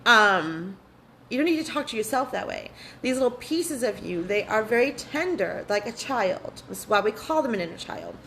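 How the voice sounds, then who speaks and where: A woman's voice: a little high, sing-song, moderate pace, fairly bright tone, slight background noise, low-quality recording. A woman hosting a live spiritual workshop. She talks earnestly and candidly, swears freely and often repeats her phrases. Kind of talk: live online workshop talk.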